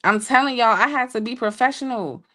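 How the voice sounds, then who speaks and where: A woman co-hosting a show, telling a story in a casual, playful way with laughing asides to listeners. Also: fairly quick. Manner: animated, jumps high when quoting people. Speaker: podcast co-host telling a story.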